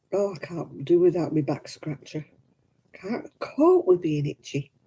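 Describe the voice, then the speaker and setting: A chatty older woman, her voice husky and mellow as she swoops up and down through her stories. She giggles often while hosting a relaxed crafting session, heard over a home video call. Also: fairly low pitch, rough recording. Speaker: craft stream host. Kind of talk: casual chat while crafting.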